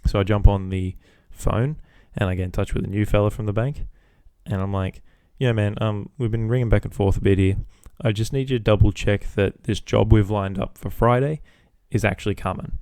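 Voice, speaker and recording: A man's voice: on the low side, steady tone, brisk, hardly any pauses, a little mellow, dry recording, clean studio sound. A man hosting a podcast, telling a casual story about his workday with swearing, acting out both sides of phone calls. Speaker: podcast host.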